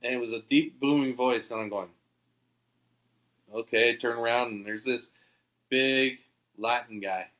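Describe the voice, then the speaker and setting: A man from Canada, a podcast guest, telling an animated, excitable anecdote. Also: medium pitch, normal speed. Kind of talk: storytelling anecdote.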